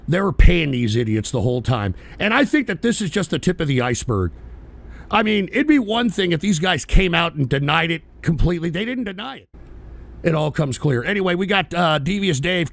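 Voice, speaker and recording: A man with a high, gravelly voice hosts a live call-in talk show. His pitch jumps all over the place as he fires off profane, combative tirades and breaks into shouts. He sounds like he is picking a fight with his listeners. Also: sing-song, normal speed. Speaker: show host.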